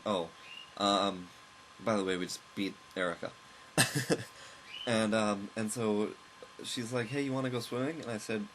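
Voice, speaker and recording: A man casually recounting a long, rambling story at home while commenting on a game, with chuckles and quick asides. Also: lowish voice, a bit bright, slight background noise, poor audio. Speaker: let's play host. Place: at home, with a loud pet bird nearby.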